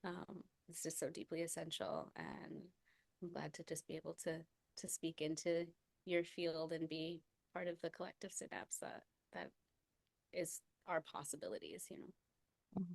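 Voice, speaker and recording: A woman guest on a podcast who tells stories reflectively, laughing often and leaning on fillers. Her voice sits somewhat low. The recording is dry and close. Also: a little slow, gravelly, a little mellow, no echo. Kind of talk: reflective conversational storytelling.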